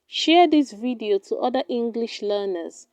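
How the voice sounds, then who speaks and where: A woman teaching English pronunciation in a scripted lesson, deliberately saying each word twice and then using it in an example sentence. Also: fairly high pitch, lively intonation, darkish tone, dry recording.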